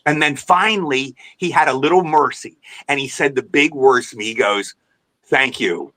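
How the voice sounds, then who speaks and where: A man as a podcast guest, telling an animated, rambling anecdote in a storytelling way and repeating himself. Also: a little high, normal speed.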